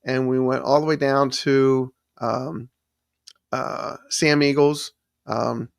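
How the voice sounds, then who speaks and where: A man's voice: mid-range voice, fairly even intonation, slow, gravelly, clear, resonant tone, no room sound, clean studio sound. A man hosting a live stream, chatting casually and rambling as he thanks viewers in the chat. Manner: rambling, restarts sentences often and thanks chat viewers by name. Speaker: livestream host.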